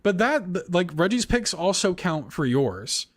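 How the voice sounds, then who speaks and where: A man hosting a casual gaming podcast, chatty and quick to laugh, reading off a list of supporter names. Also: high voice, very animated, dry recording, studio quality. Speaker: podcast host. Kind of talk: casual chat.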